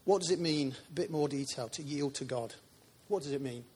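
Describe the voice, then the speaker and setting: A man's voice: a little high, fairly quick, darkish tone, breathy edge. A man preaching a sermon in a church, chatty and informal, with asides to the congregation.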